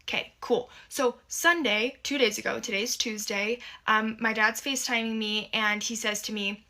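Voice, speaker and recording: Bright-voiced young woman, sarcastic storyteller. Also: fairly high pitch, normal speed. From United States. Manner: sarcastic, emphatic. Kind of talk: casual storytime to camera.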